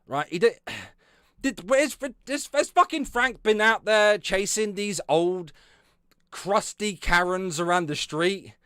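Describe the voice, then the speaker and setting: A sarcastic man on a live stream, swearing constantly as he rants. His voice is fairly high and jumps around a lot in pitch, and it sounds dry and close to the mic. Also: expressive, takes it slowly, sharp tone, clean tone, dry recording. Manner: sarcastic, swears constantly, often laughs and trails off. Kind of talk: profane live-stream commentary.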